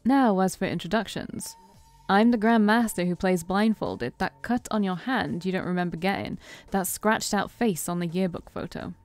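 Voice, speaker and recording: Smug preachy vampire guy, read by a woman, slow and showy, dry sound with a bit of music under it. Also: mid-range voice, darkish tone, no echo, natural voice. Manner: slow, emphatic, knowing.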